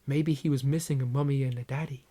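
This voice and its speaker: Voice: medium pitch, fairly even intonation, fast talker, dark tone. A YouTuber giving a comedic reading of fanfiction, with mock-dramatic narration and sarcastic asides.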